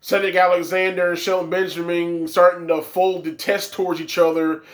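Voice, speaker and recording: Man, high voice, wrestling reviewer, swearing rant, exasperated. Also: level tone, normal speed. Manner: profane, exasperated ranting. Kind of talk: ranting vlog commentary.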